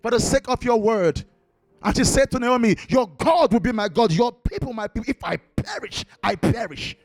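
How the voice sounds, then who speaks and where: A man's voice: extremely high pitch, animated, a little fast, dry recording. A man preaching a sermon, exhorting his congregation with repeated commands and breaking into worship singing. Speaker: pastor. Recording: dry close mic with worship music behind.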